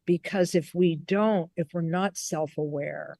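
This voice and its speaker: Slow-speaking woman Buddhist teacher. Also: fairly low pitch, creaky, dark tone. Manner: unhurried, with many restarts and repeated words. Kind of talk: storytelling in a recorded conversation.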